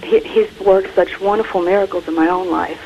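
A woman calling in to a show, earnestly reciting a traditional prayer in a measured way. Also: lowish voice, steady tone. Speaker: caller. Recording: muffled phone line with faint hiss.

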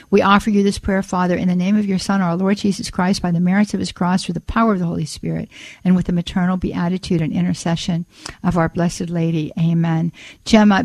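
In a dry recording, a radio host with a medium-pitched, darkish voice mixes spoken prayer with call-in chat. She's earnest and repetitive, saying "Father God" again and again and often starting over.

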